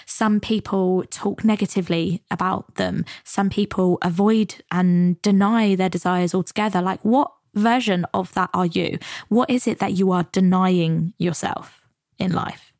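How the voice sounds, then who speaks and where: A woman's voice: on the low side, fairly even intonation, a little slow, darkish tone, dry recording, studio quality. A woman from the UK hosting a podcast, talking in a chatty, earnest and motivational way about goals and coaching. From United Kingdom. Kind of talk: reflective solo podcast talk.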